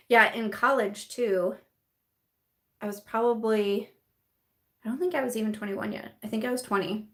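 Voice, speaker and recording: A woman in her late twenties or thirties hosting a casual beauty live stream, chatting loosely and reading viewer comments aloud. Her voice sits at an ordinary middle pitch for a woman, and her talk wanders, full of fillers and restarts. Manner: chatty and rambling, with many fillers and repeated restarts.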